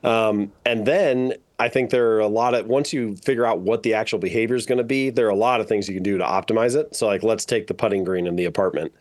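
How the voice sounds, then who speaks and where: Man explaining at an easy, measured pace. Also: on the low side, darkish tone. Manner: measured, explanatory, with frequent ums. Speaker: author and guest. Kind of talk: podcast interview.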